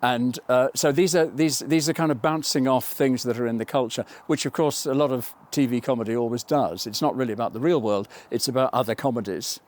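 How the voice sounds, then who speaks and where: A man's voice: mid-range voice, a little fast, few pauses, darkish tone. An older man from England, a film writer, talking thoughtfully in a documentary interview, wandering off on tangents and correcting himself. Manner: thoughtful, digressive, with self-corrections.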